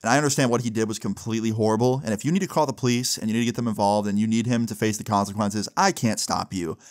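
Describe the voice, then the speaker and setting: A man voicing a middle-aged mother who speaks earnestly and in a measured way about her son. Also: fairly low pitch, steady tone, close to an everyday voice. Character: worried middle-aged mother, calm and serious.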